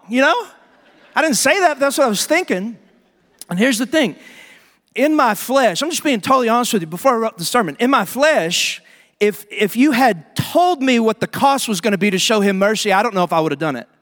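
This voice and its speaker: A man preaching a sermon as pastor, telling stories in an animated way and acting out the people in them. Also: extremely high pitch, a little fast, long reverb tail. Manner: animated storytelling with voiced asides.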